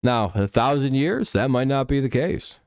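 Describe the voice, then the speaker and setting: A man holding a casual live-stream chat, rambling from topic to topic with profanity and small chuckles. His voice sits at a middling pitch. The sound is close and dry. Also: expressive, normal speed, darkish tone, clean tone, no room sound. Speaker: stream host.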